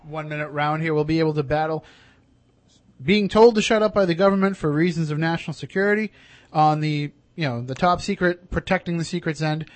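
A man moderating a timed debate and calling out the time briskly. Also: a little high, dry recording.

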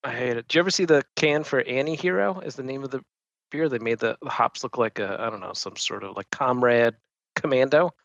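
A man's voice: mid-range voice, a little fast, creaky, a bit bright, dry recording, lo-fi sound. A man co-hosting a casual podcast, talking in a laid-back, self-mocking way. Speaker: podcast co-host. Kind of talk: casual chat.

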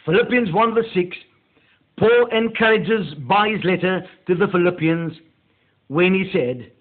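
A male pastor delivering a meditative sermon, slow and deliberate, leaning hard on key words. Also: high voice. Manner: slow, deliberate preaching with drawn-out emphasis. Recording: tinny phone-like audio.

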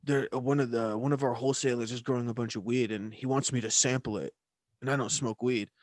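Young male podcast co-host, loose profane storyteller, dry close sound, mid pitch. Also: fairly even intonation, fast talker, dry recording. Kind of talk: casual storytelling chat.

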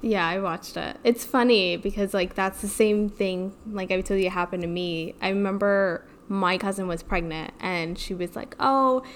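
A woman's voice: medium pitch, fairly even intonation, moderate pace, few pauses. A woman co-hosting a podcast, talking casually with lots of "like" and "um". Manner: chatty, many "like" fillers. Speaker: podcast co-host. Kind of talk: casual chat.

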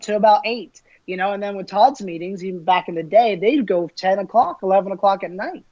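Animated storytelling man, dull lo-fi sound. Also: sits high. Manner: animated, acts out quoted voices, laughs often. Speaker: interview guest, minister. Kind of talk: casual storytelling interview.

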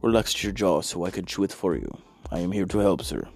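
A man voicing an overly polite male waiter, smooth and servile. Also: low voice, animated, fairly quick, a little mellow, faint music behind, heavily acted. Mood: fawning.

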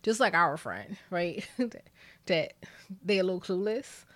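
A woman's voice: fairly low pitch, lively intonation, measured pace, no echo. Playful woman podcast host, dry sound. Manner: chatty and playful, laughing often. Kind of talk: casual chat.

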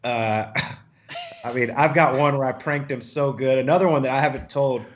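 A man, a professional golfer, telling animated, profane stories as a podcast guest and laughing often. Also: mid-range voice, moderate pace, muffled recording, a little hiss or hum. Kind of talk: casual storytelling.

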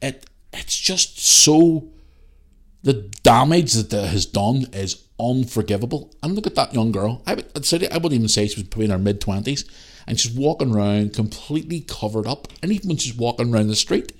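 A man's voice: mid-range voice, quick pace. Guy ranting on his podcast, lots of swearing, voice jumping all over the place. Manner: heated storytelling, heavy swearing, animated re-enacted dialogue. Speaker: podcast host. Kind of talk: casual ranting monologue.

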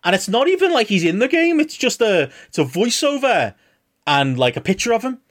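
A man co-hosting a casual podcast chat, animated and rambling, laughing often between points. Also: sits high, fairly quick. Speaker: podcast co-host.

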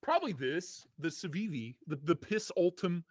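A man chatting as a podcast guest, loud and joking with playful banter. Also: on the high side, very animated, normal speed, dry recording, studio quality. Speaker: guest, knife content creator. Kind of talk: casual podcast chat.

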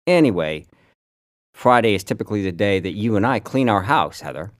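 A very low-pitched man in his fifties tells stories in a loose, rambling way, full of "uh"s and restarts. He co-hosts a casual chat podcast. His voice is close and dry, with no room sound. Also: animated, fairly quick, dry recording. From upstate New York. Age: 50s. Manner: chatty, rambling storyteller with frequent fillers. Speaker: podcast co-host.

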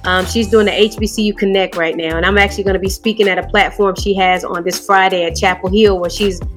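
A woman's voice: medium pitch, fairly even intonation, fast, a bit bright, soft background music. A woman college coach, a guest on a sports podcast, telling stories in an easygoing way. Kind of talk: podcast interview.

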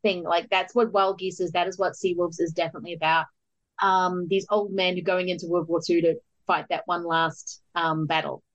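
A woman hosting a casual film podcast, chatty and quick to agree. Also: on the low side, little pitch movement, dull audio. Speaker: podcast host.

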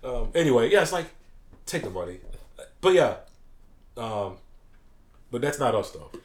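A man co-hosting a casual podcast, joking and animated, often acting out quoted people. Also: medium pitch, normal speed. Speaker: podcast co-host. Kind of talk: casual chat.

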